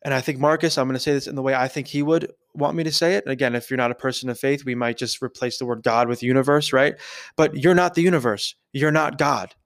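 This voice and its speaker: A man hosting a podcast, thinking aloud in a casual, conversational way and often checking in with a quick "right?". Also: medium pitch, steady tone. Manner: conversational, keeps asking "right?". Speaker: podcast host. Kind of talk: casual reflective podcast talk.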